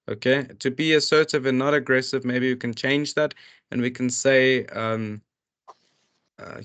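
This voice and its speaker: Halting man reading out workbook questions. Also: medium pitch, steady tone, fairly bright tone. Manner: halting, with many restarts and fillers; reads questions aloud then explains them. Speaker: tutor. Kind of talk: walking students through a workbook.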